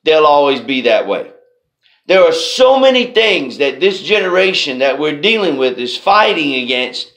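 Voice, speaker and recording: Slow, deliberate motivational speaker man. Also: a little high, sing-song, fairly bright tone. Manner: slow, deliberate, repeats key phrases. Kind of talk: motivational storytelling talk.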